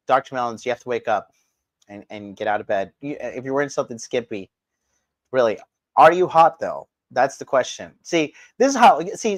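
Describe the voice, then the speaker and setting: A medium-pitched man, recorded without room sound, hosts a livestream and delivers combative, profane commentary aimed squarely at his chat.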